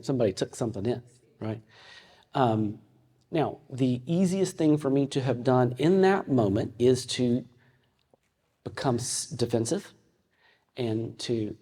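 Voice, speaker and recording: Husky man teaching in a reverberant hall. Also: medium pitch, warm tone. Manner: conversational, halting with frequent restarts. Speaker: ministry teacher. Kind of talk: teaching talk with personal stories. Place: meeting room with an audience.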